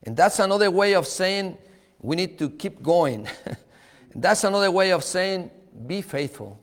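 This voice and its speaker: A man preaching a sermon, slow and emphatic, repeating key words and chuckling now and then. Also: high voice, animated, in a large hall.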